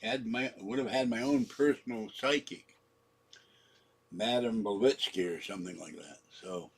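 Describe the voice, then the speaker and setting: A man's voice: on the low side, normal speed, slightly rough. A man in his seventies telling a meandering personal story, trailing off and correcting his own words, his throat sore from coughing. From San Francisco. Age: 70s. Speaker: channel host.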